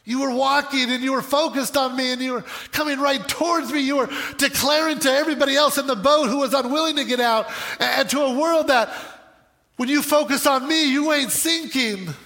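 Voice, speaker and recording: A man's voice: very high-pitched, fairly quick, bright, forceful tone, big-room sound, pitched above the performer's own voice. A man voicing Jesus as a firm but caring grown man, earnest and urging, as an acted quote within a sermon. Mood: urgent.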